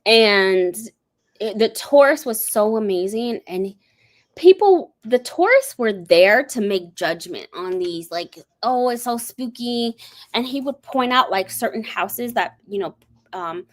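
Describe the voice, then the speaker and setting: A woman talking casually on a stream, telling a long story. She rambles with plenty of ums and likes, her pitch sitting in the middle range. Her delivery is loose and conversational. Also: unhurried. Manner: rambling, animated storytelling with many fillers. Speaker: host. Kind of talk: casual chat.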